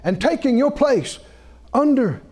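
A man preaching a sermon, telling a story with laughter and acting out what people said. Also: a little slow. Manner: lively, wide-ranging pitch.

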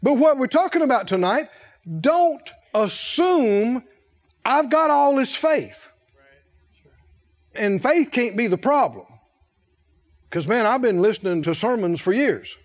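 An older man preaching a sermon, animated and playful, often laughing at his own points. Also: very high voice, takes it slowly, pauses often. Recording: hall reverb.

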